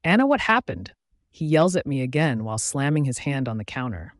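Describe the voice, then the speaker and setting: A man narrating a first-person romance audiobook in a steady, even reading on a close microphone. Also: mid-range voice, brisk, no echo.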